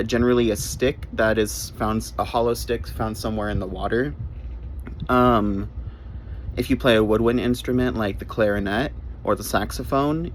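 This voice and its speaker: Low-voiced man teaching English grammar. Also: slight background noise, poor audio. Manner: spells words out letter by letter, repeats key points. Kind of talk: short grammar lesson.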